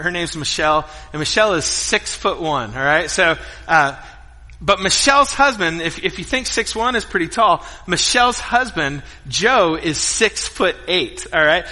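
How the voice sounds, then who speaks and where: A man preaching a sermon, telling funny self-deprecating stories and quieting down to pray. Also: high voice. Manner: animated, self-deprecating, jokes with congregation; quiet, hushed when praying. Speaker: pastor. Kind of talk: sermon with personal storytelling. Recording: long hall reverb.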